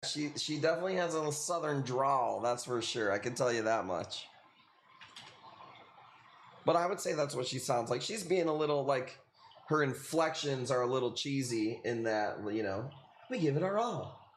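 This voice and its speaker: A man's voice: mid-range voice, expressive, moderate pace. A man with a Chicago accent hosting a casual livestream, rambling and chatty as he sells corals. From Illinois. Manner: rambling, chatty, laughs often, many fillers. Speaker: livestream host selling corals. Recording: echoey room with faint noise.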